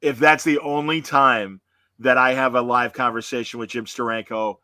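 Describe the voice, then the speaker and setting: A man's voice: mid-range voice, fairly even intonation, moderate pace, pushed and bright, no room sound. A man hosting a podcast in casual chat, rambling and self-deprecating, often slipping into voices. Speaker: podcast host.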